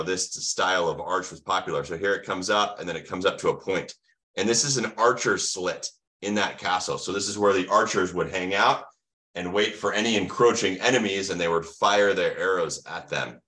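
A man's voice: low voice, bright, forceful tone. A middle-aged American man giving an online medical lecture, asking the audience questions and answering them himself with teacherly enthusiasm. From United States.

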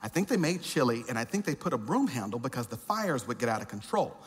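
A man's voice: mid-range voice, big pitch swings, fast, husky. A man voicing an ordinary woman explaining a family heirloom, earnest and chatty. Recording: church hall with long reverb.

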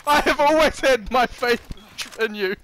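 A gamer chatting excitedly over a match, swearing, laughing and cheering. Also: sits high, normal speed. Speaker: gamer and video maker. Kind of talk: excited gaming chat. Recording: clear background noise.

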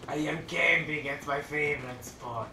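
A man's voice: a little high, normal speed. A teenage boy hosting a casual gaming video, goofing around, joking, swearing and laughing often. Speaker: gameplay host. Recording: roomy, distant mic, noisy background.

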